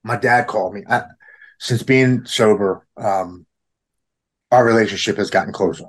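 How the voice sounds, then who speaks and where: A man in his forties with a fairly low voice tells a personal story in casual conversation. He acts out each person he quotes by lifting his voice, and often stops to restart a sentence. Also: normal speed, breathy edge. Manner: storytelling, quotes others in a raised voice. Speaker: guest in recovery.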